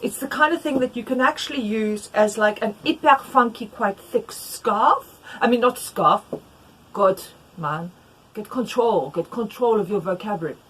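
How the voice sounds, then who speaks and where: A woman teaching knitting in a playful, rambling way, with jokey asides and sudden loud bursts. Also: medium pitch, moderate pace, breathy edge, rough recording. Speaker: knitting tutor. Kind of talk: chatty knitting tutorial.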